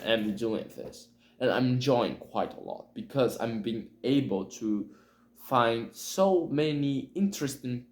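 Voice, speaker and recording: A man learning English, talking in a hesitant, halting way and often correcting himself as he chats casually on camera. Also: mid-range voice, a little mellow. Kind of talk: casual spoken monologue. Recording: echoey room.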